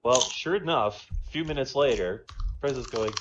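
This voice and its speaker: A man doing chatty stand-up, telling jokes in an animated storytelling way over a dull online voice chat. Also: medium pitch, moderate pace, noisy background. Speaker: stand-up comedian.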